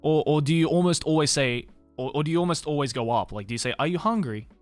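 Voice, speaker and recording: An Australian man streaming, chatting casually with viewers in a musing, hesitant way, slowing down to sound out words. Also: a little high, darkish tone, no room sound, soft background music.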